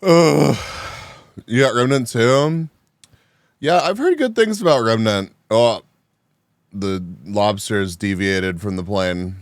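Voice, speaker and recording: A man streaming live, chatting casually with his viewers, animated and quick to laugh, sounding a bit groggy after a nap. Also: fairly low pitch, no room sound, clean studio sound. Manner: animated, reactive, laughs often. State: groggy after just waking. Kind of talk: casual chat, reading chat live.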